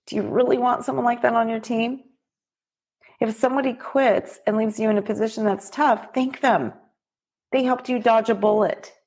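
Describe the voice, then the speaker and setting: A woman's voice: medium pitch, a little mellow. A middle-aged woman hosting a podcast, giving a heartfelt motivational talk straight to her listeners. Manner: heartfelt, preachy, direct address to listeners. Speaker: podcast host and business coach.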